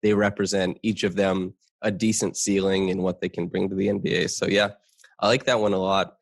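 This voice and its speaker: Podcast host, male, lowish voice, dry close recording, upbeat and teasing. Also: little pitch movement, a little fast, gravelly, no room sound. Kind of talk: casual podcast interview.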